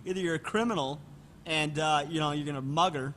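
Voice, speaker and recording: A man's voice: a little high, a little fast, a bit bright, slight background noise. A man guest in a casual comedic chat, making blunt and profane quips. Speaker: podcast guest.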